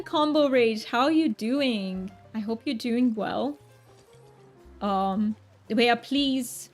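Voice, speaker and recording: A woman hamming up a deliberately clumsy mock British accent, bright and chirpy as she greets chat over a game. The voice sits a little high, laughing at its own attempt, with faint game music underneath. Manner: giggly, self-mocking, chatty. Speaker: streamer. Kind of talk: casual live-stream chat.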